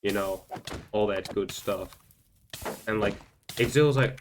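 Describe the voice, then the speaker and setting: Brief: young male gaming host, lowish voice, casual storytelling that rambles and stumbles, a faint hiss behind. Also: slow pace, long pauses. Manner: rambling, filler-heavy, stumbling repeats. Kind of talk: storytime commentary over gameplay.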